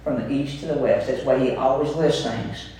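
Folksy Kentucky pastor in an echoey sanctuary. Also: male voice, medium pitch, fairly even intonation, normal speed, warm tone. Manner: folksy, storytelling, emphatic preaching. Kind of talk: sermon. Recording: echoey room, voice picked up from a distance.

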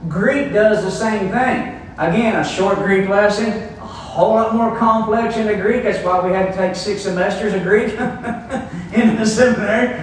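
A man preaching a sermon, teaching a Bible passage slowly and deliberately in a church hall, heard from a distance. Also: high-pitched, slight background noise. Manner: teaching verse by verse, slow and deliberate. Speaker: pastor. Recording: very echoey room, voice from far off.

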